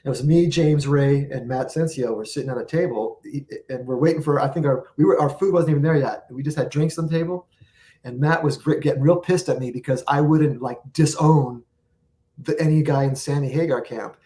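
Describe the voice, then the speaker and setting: A man's voice: medium pitch, brisk, mellow. A man as the guest on an interview show, telling long rambling anecdotes and acting out what people said. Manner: rambling anecdotes with acted-out quotes. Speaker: guest musician. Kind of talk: storytelling interview.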